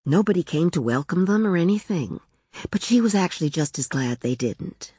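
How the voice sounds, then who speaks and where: A woman reading a short story aloud in a calm, even storytelling manner. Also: sits low, normal speed, husky, no room sound, clean studio sound. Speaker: narrator.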